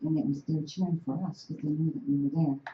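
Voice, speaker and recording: A woman from the Oneida Nation, telling an animated, emphatic story to an audience in a university room. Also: deep voice, fast. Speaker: panel speaker. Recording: roomy, dull room recording.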